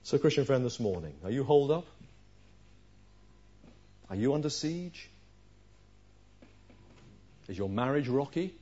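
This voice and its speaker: A husky man preaching a sermon in an even middle pitch. He presses the congregation with question after question, rising loud and then dropping to a hush. The recording is dull and lo-fi. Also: a little slow, long pauses. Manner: earnest preaching with rhetorical questions, swinging from loud to hushed.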